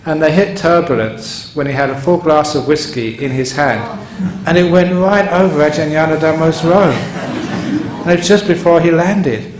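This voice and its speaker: This Dharma talk comes from a monk with a slightly high voice speaking at a moderate pace. He chuckles and digresses as he tells stories, and the recording captures a spacious meditation hall with a faint hum.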